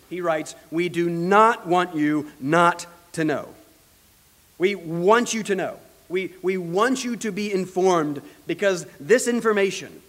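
A man preaching from the pulpit in an earnest, teaching manner, his voice sitting a little higher than most men's. He slows right down to press key points, then lets phrases fall away softly. The sound carries a long reverb, as in a large hall. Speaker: pastor. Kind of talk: sermon.

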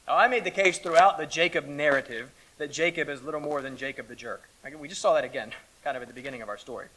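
A man preaching a sermon, reading scripture aloud and then explaining it conversationally, with big swings between loud emphasis and hushed asides. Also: sits high. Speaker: pastor.

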